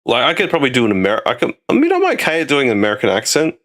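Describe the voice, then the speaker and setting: A man's voice: mid-range voice, huge pitch swings, racing, fairly bright tone. A man with an Australian accent, hosting a loose, rambling casual chat stream and swearing now and then. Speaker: streamer host.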